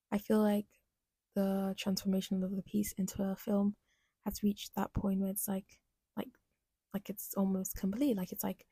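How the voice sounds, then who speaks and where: A woman's voice: medium pitch, gravelly, dark tone, husky, no echo. A young woman hosting a solo podcast, talking in a rambling, chatty, self-deprecating way. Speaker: podcast host. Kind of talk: casual solo podcast monologue.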